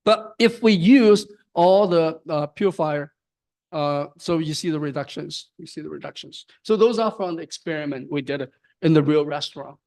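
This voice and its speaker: A man giving an academic lecture on his research, speaking haltingly with restarts and frequent tag questions. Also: fairly high pitch, darkish tone. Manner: halting, repeats words, frequent "right?". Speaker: guest lecturer.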